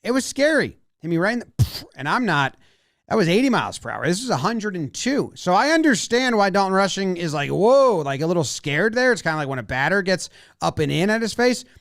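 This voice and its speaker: High, lively-voiced man breaking down baseball. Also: fairly quick, dry recording, studio quality. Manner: animated, acts out players' imagined lines. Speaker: baseball video analyst. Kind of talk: play-by-play video breakdown.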